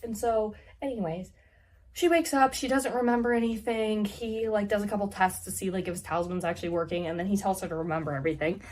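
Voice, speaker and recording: A woman's voice: mid-range voice, quick pace, a little mellow. A woman casually recapping a fantasy novel's plot, rambling with lots of "like" fillers. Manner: rambling, heavy use of "like" fillers. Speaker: book reviewer.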